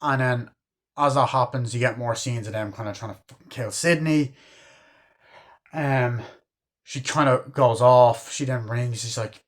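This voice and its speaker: A man's voice: mid-range voice, a little slow. A man giving a casual, enthusiastic film review, rambling with lots of fillers and swearing freely. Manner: rambling, profane, lots of fillers like "you know" and "like"; enthusiastic fan. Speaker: movie reviewer.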